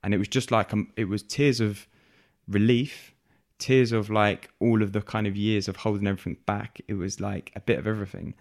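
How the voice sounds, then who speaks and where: A man's voice: on the low side, steady tone, fairly quick, vocal fry. A young man speaking candidly as a podcast guest, reflective and full of fillers and restarts.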